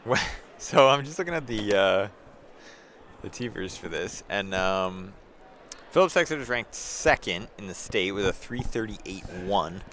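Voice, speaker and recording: A man giving casual live commentary on a track meet, thinking out loud and laughing with his co-hosts. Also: fairly low pitch, a little slow, background noise. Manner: animated, laughs easily, thinks out loud with fillers.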